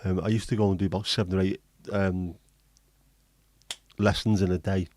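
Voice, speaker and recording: A man's voice: low voice, level tone, moderate pace, a little mellow, no room sound. A man hosting a livestream, chatting casually, joking and swearing as he reads viewer comments. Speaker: livestream host.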